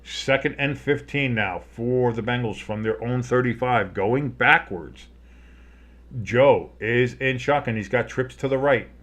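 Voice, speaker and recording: A man's voice: mid-range voice, measured pace, a bit bright. Man calling live football play-by-play. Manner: rambling, swears, restarts his sentences. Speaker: play-by-play commentator. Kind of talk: casual live play-by-play commentary.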